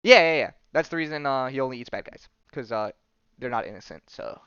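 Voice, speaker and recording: A man's voice: mid-range voice, expressive, a little fast, pushed and bright, clear, resonant tone, no echo, lo-fi sound. A man hosting a podcast, casually retelling a comic story with lots of fillers and frequent laughs. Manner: rambling, many fillers, laughs often. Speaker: podcast host. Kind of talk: casual comic-book recap.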